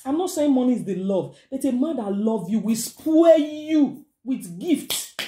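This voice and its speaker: Nigerian woman vlogger, lively storytelling advice, slightly high pitch, echoey room. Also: a little slow, a little hiss or hum. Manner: animated, acts out quoted voices, mixes in pidgin. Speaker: vlogger giving relationship advice. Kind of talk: casual advice monologue.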